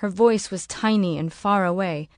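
A woman narrating an audiobook in a steady, measured way. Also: medium pitch, no echo, clean studio sound.

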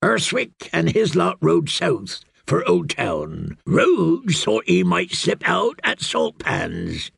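A man voicing a sly male outlaw who speaks in a slow drawl and mocks his foe. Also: on the high side, huge pitch swings, creaky, fairly bright tone, slightly rough, no room sound, studio quality, pitched above the performer's own voice, heavily acted. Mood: mocking. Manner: mocking, drawling.

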